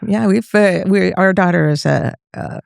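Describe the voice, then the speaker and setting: An older woman in her seventies, a voice teacher from Northern California, recalls her path in a casual, reflective way and laughs easily. Her voice has a gravelly, fry-tinged edge. It sits close and dry, with no room sound around it. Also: lowish voice, normal speed, darkish tone, no room sound. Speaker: guest, voice teacher. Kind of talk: casual conversational storytelling.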